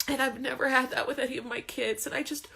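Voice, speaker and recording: A woman's voice: sits high, fairly even intonation, quick pace, gravelly, pushed and bright, breathy edge. A woman in her thirties candidly telling a personal story to camera, chatty and emotional, laughing between sentences. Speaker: vlogger.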